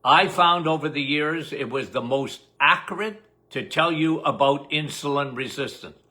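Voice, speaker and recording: A man's voice: on the high side, pushed and bright. An older man hosting a casual live-stream, greeting viewers by name and answering questions in a chatty way. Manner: chatty, reads viewer names quickly, laughs at himself. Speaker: host.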